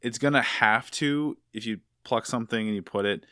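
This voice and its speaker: A man's voice: medium pitch, normal speed, bright, forceful tone, no room sound, clean studio sound. A man hosting a podcast interview, chatting enthusiastically with filler words. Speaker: podcast host. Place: podcast studio.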